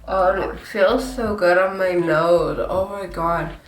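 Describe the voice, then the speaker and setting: Congested young woman doing a chatty makeup vlog, lowish voice, echoey room, mic kinda far, faint music. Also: fairly even intonation, slow. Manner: chatty, self-deprecating, apologetic. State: congested, stuffy nose; breathing hard. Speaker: beauty vlogger. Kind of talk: casual get-ready-with-me vlog.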